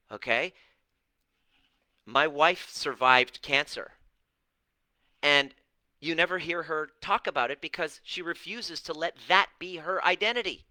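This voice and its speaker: A man's voice: a little high, bright, forceful tone, dry recording, rough recording. A middle-aged man coaching on relationships and healing, talking bluntly and preachily with profanity and mocking put-on voices. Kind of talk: direct-to-camera talk answering viewers.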